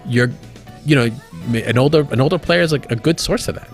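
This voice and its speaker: A man co-hosting a podcast, talking in a loose, casual way with plenty of swearing and filler words. His voice sits at an average pitch. Faint music plays under the conversation. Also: fairly quick. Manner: loose and profane, lots of fillers. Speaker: podcast co-host.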